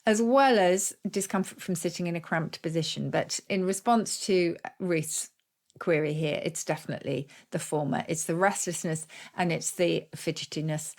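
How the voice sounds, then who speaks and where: A middle-aged woman co-hosts a podcast on language, and her voice sits fairly low. She talks in a relaxed, chatty way, explaining where words come from and spelling them out letter by letter. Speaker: podcast co-host, word expert. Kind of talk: casual chat about word origins.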